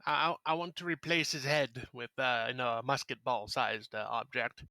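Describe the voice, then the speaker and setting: Bright-voiced man playing a tabletop game. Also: mid-range voice, fairly even intonation, moderate pace, no room sound, clean studio sound. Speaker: player.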